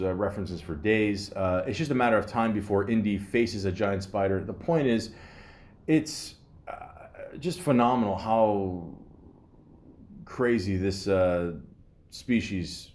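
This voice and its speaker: A low-voiced man hosts a podcast in a loose, rambling monologue. He swears freely and pads his talk with "you know" and "uh". He reads bits of fact aloud, then riffs on them. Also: unhurried, darkish tone. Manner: rambling, profane, filler-heavy. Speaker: podcast host.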